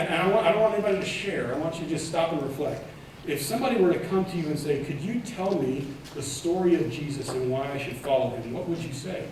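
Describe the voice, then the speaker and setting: A man giving a keynote conference talk, animated, putting questions to the audience. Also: sits high, slight background noise. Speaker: keynote speaker. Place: large conference hall. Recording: echoey hall from far off.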